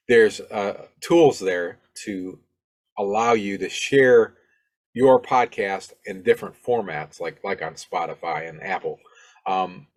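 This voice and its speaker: A middle-aged podcast host from Alabama speaks in a somewhat low voice. He talks casually and rambles, with lots of ums, uhs and restarted phrases. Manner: rambling, many fillers and restarts. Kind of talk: casual solo podcast talk.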